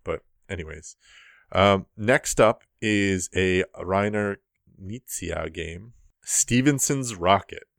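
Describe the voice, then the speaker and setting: Low-voiced, relaxed board game podcaster. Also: male voice, takes it slowly, vocal fry, no echo, clean studio sound. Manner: relaxed, rambling, many ums. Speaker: podcast host presenting board game news. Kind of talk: casual podcast chat.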